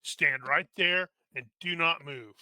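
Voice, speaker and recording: A stern male starship security officer, played by a man at a tabletop game, speaking in sharp, clipped military orders. The voice is very bright and cutting. It sounds close and dry. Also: a little high, takes it slowly, no echo, full character voice. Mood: stern commanding. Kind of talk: tabletop role-play.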